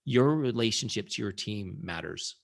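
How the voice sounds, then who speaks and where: A middle-aged man with a low, gravelly voice leads a live sales training. He talks in a lively, conversational way and often checks that his audience is following. He sounds like a founder coaching his team. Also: moderate pace.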